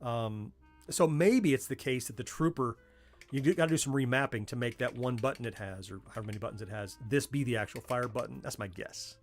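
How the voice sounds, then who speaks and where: A man's voice: mid-range voice, brisk, soft background music. A middle-aged man with a Southern US accent, hosting a casual livestream from a home workspace and chatting in a way that wanders off on tangents. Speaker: livestream host.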